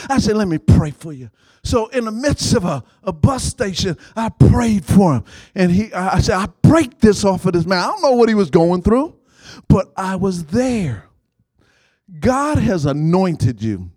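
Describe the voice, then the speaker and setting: A man preaching a sermon in call-and-response style, prompting the congregation to finish his lines and rising to shouts. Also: high-pitched, expressive, moderate pace, no room sound.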